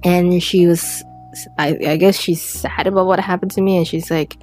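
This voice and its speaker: A teenage girl telling a personal story in a rambling, halting way with many restarts, close to tears at times. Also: fairly low pitch, level tone, a little mellow, faint music behind. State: tearful at times.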